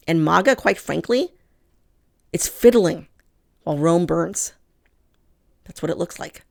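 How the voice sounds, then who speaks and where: Her lowish, slightly mellow voice carries vocal fry, and she speaks a little slowly, pausing often. As host of a political commentary show, she addresses "people" directly to camera with strong feeling and heavy emphasis.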